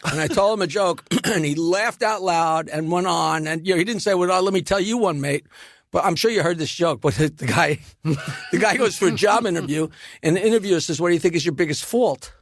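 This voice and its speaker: A man telling comedy stories as a guest on a podcast, animated, with quick asides. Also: sits high, no room sound, clean studio sound. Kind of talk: casual storytelling.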